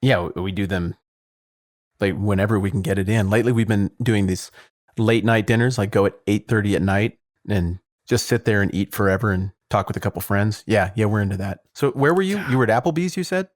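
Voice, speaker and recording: A man co-hosting a podcast in casual chat, answering with teasing jokes and quick questions. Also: lowish voice, no echo, clean studio sound. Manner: joking, teasing quips. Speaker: podcast co-host.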